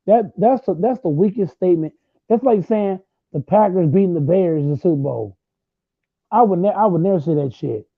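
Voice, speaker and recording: A man in his late twenties arguing football in a heated casual chat, loud and repetitive, trash-talking. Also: high voice, gravelly, dry recording. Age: late 20s. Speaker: host. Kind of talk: heated casual sports argument. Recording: tinny phone-like sound.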